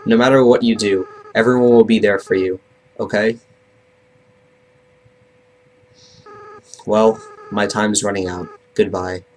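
A man reading aloud the lines of a remorseful young boy monster from a game, softly and gently. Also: lowish voice, steady tone, normal speed, slight background noise, close to an everyday voice, rough recording. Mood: tender farewell.

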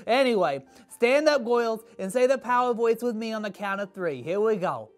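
A performer voicing a sarcastic, easily annoyed kid character in a kids' church skit, grumbling in a dry, deadpan way, with faint music behind. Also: mid-range voice, normal speed, lightly acted. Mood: bossy cheerleading.

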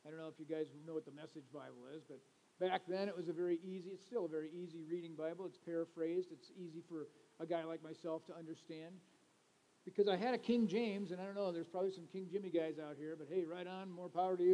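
Pastor, middle-aged man, high and mellow, chatty sermon with jokes to the congregation. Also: poor audio. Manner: conversational, joking asides to the congregation.

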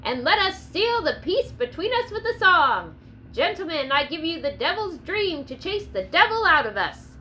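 An old gray-haired fiddler calls out flowery toasts to settle a tavern quarrel, as a woman reading a storybook puts him on. The voice is high and bright, with a faint hiss underneath. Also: very animated, measured pace, exaggerated voice. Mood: rousing. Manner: rousing, orating toasts.

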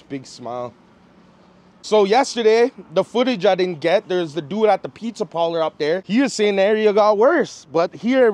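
High-voiced easygoing man. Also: darkish tone. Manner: easygoing, says "yeah" and "man" a lot. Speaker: vlogger and rapper. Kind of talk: casual street interviews. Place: outdoors in city streets.

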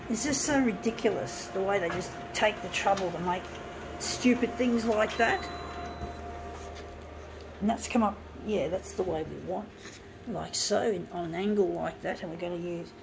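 Casting: woman, indignant crafter, gravelly edge, swears freely, faint background noise. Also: medium pitch. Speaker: craft vlogger. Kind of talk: ranting while crafting.

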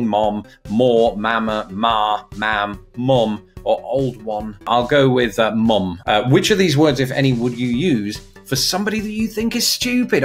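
A young man from England, chatting wryly as a video host, with faint music behind. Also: lowish voice. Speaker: YouTube host. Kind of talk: casual commentary.

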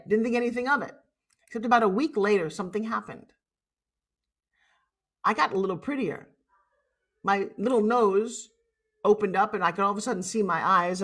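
Blunt New York woman in her sixties. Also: mid-range voice. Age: 60s. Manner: lively, blunt, salty storyteller. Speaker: guest speaker. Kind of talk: personal storytelling.

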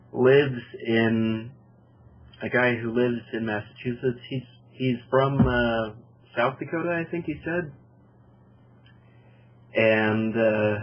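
A man hosting a casual film review podcast, summing up a plot in a halting way with many fillers. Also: medium pitch, slightly rough. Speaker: podcast host. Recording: dull lo-fi podcast audio.

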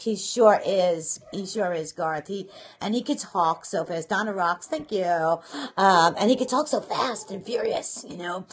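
A woman's voice: medium pitch, slightly rough. A chatty middle-aged woman from New York talks live to her viewers from her home office. She greets people by name and laughs easily, in a middle-range voice and a loose, rambling way of talking. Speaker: livestream host. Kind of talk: casual live-stream chat.

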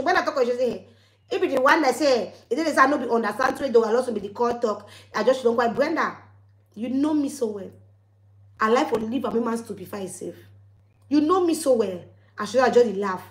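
Scolding high-voiced woman, pidgin accent. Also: expressive, fairly quick, echoey room. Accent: West African Pidgin English. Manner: scolding, heated, with repeated warnings. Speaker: vlogger. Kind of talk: angry ranting monologue to viewers.

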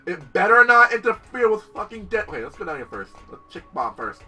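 A young man riffs over his gameplay in a high, bright voice. His pitch leaps all over as he gasps, curses and shouts at the game. He sits a bit back from the microphone, with faint game music behind him. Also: fairly quick, breathy edge, recorded from a distance. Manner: excitable, swears a lot, talks to the game and its characters. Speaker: gameplay commentator. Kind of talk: let's play commentary.

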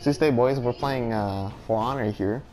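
A man's voice: mid-range voice, moderate pace, crowd noise, rough recording. A young man chatting casually and joking with friends while playing a video game. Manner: joking, playful, laughs often. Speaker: gamer. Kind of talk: casual gameplay chat. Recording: game music behind voice. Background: music.

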